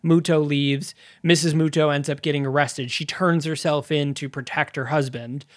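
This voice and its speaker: Um homem apresentando um podcast de cinema em conversa casual, resumindo um filme com muitas hesitações e risadas. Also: male voice, on the high side, steady tone, moderate pace. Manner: rambling recap with many fillers and laughs. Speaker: podcast co-host. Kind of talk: casual movie podcast chat.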